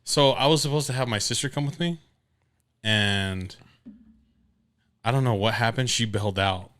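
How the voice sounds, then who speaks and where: A man's voice: mid-range voice, moderate pace. A man in his late twenties, co-hosting a casual podcast chat, telling a story full of swearing and acting out the voices of other people. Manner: profane animated storyteller, acts out others' voices. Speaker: podcast co-host.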